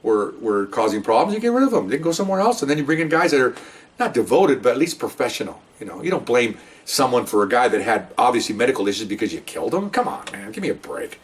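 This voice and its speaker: A man's voice: mid-range voice, fast, distant mic. A man, a retired police commander, casually telling a story from his career, rambling and conversational. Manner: rambling, conversational, quotes others with animated voice.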